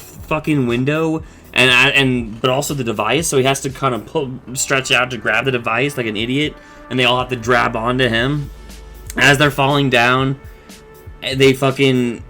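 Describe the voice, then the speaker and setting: A man gives a casual, profane recap of a cartoon episode and tumbles quickly from one beat to the next. His voice is bright and forceful at a middle pitch, with faint music playing underneath. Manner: rambling, profane, quick retelling with acted quotes. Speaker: show recap vlogger.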